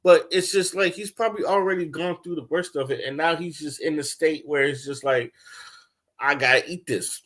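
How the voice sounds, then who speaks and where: A young man ranting casually, telling loose, profane stories with lots of laughter and swings between loud bursts and low mumbles. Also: fairly even intonation, fairly quick, few pauses. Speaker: commentator. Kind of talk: casual rant.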